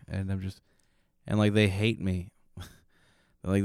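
Podcast host guy, low smooth voice, teasing and laid back. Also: flat delivery, measured pace, long pauses, a little mellow, no echo, studio quality. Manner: teasing, playful. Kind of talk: casual banter.

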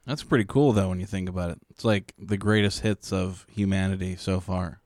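Male podcast co-host, lowish voice, easygoing quips, dry close recording. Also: steady tone, fairly quick, a little mellow, no room sound. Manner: joking, laid-back quips. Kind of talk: casual podcast chat.

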